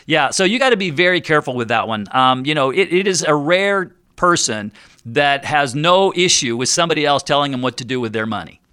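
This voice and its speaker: Bright, crisp-voiced radio host. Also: male voice, on the high side, expressive, brisk, no echo, clean studio sound. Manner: jokey, chatty, self-deprecating. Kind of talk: radio talk show.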